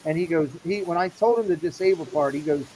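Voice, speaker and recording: A man's voice: on the high side, fast, mellow, slight background noise, poor audio. A middle-aged man hosting a casual show, animatedly acting out the people in his story. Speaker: show host.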